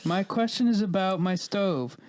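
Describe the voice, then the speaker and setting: Hesitant deadpan co-host voice. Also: medium pitch, moderate pace. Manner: deadpan, playing a hesitant caller. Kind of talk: comedic improv chat.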